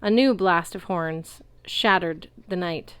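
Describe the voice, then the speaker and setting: Brief: woman reader for a fan audiobook, lowish smooth voice, dry close sound. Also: slow, no room sound. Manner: lively, shouts the characters' cries. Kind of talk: reading a novel aloud.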